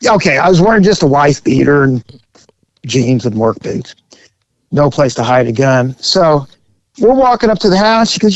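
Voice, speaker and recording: A man's voice: a little high, big pitch swings, normal speed, no room sound, lo-fi sound. Rambling joking male storyteller. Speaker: podcast host. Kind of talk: storytelling podcast.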